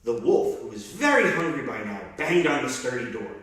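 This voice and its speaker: A police officer reading a children's story aloud, expressive and animated. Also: male voice, medium pitch, normal speed, far from the mic. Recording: very echoey room, off-mic.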